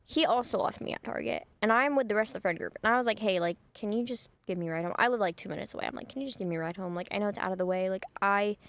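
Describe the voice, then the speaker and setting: A woman's voice: mid-range voice, racing, hardly any pauses, a bit bright. A young woman telling a casual, gossipy story for her vlog, chatty and full of "like". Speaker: vlogger.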